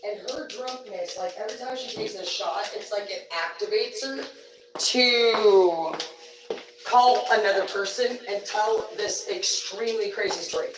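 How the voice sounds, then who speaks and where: A woman's voice: mid-range voice, a little slow, background noise. A woman hosting a livestream tells rambling stories, blunt and full of curses. She sits a little back from the mic in a room that rings, with a faint murmur of background sound behind her. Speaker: livestream host. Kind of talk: casual storytelling on a livestream. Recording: roomy sound, distant from the mic.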